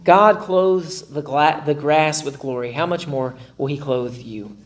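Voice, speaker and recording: A man preaching from the pulpit with a voice that sits a little higher than most men's. He is animated and playful, and often voices his own inner thoughts with self-mocking humor. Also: a little slow. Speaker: pastor. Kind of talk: sermon.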